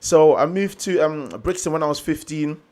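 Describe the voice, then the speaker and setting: A man's voice: a little high, normal speed. A young man from Germany, a motivational speaker telling his story in a casual interview, acting out the voices of people he quotes. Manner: animated storyteller, acts out quoted dialogue.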